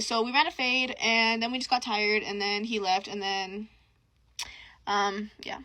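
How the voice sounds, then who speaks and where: A young woman tells a personal story straight to camera, full of slang and "like". Her voice is bright and a touch higher than most, and she keeps her delivery animated. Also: fairly quick, a little hiss or hum. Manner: animated, slangy, lots of fillers. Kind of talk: casual storytime vlog.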